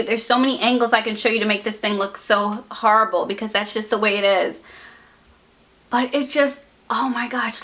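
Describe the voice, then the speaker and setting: Young woman vlogging, fed up and animated, fairly high bright voice. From United States. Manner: exasperated, animated storytelling with laughs. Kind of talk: storytime vlog talking to camera.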